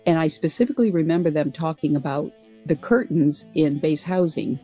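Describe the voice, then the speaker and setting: A woman's voice: low-pitched, expressive, brisk, dark tone, breathy edge, faint music behind. A woman guest being interviewed about her years as a pilot, speaking earnestly and conversationally with frequent restarts. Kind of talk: conversational storytelling.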